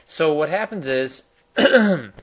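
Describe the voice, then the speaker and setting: A man's voice: medium pitch, normal speed, pushed and bright. A man from the United States hosting a casual, enthusiastic tutorial while sharing his screen. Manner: enthusiastic, chatty, salesy. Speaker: host.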